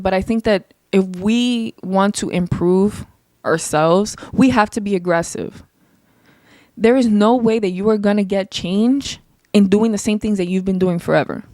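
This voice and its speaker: A young woman talking on her own show with a loud voice that carries, blunt and emphatic, words piling up fast. Her pitch sits in an ordinary middle range. The sound is dry and close, with no room around her. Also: no echo. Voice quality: naturally loud voice that projects. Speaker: podcast host. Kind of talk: casual solo chat.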